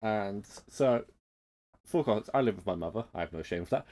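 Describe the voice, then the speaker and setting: Animated man on a podcast. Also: lowish voice, fairly quick. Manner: animated, swearing, emphatic. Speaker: podcast co-host. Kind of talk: casual podcast chat.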